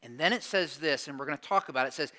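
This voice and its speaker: A man delivers a sermon in a relaxed, conversational storytelling manner. His voice sits high and sounds bright and forceful, and he swings from loud exclamations to quiet, hushed asides. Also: very fast. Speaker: pastor.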